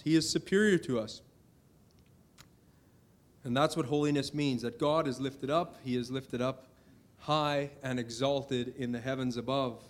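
A middle-aged man preaching a sermon earnestly, building to emphatic declarations as he reads scripture. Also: mid-range voice.

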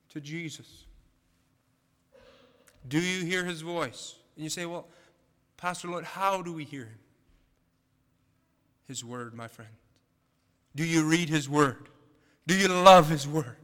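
A man's voice: on the high side, bright, forceful tone, clear, resonant tone. A male pastor delivering a sermon, building emphasis with rhetorical questions. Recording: long hall reverb.

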